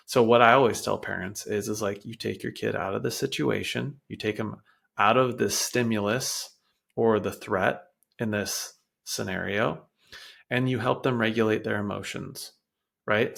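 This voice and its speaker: A man's voice: lowish voice, moderate pace, creaky, a bit bright. A man hosting a show, explaining child behavior in a casual, conversational way, often acting out quotes from parents and kids. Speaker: podcast host.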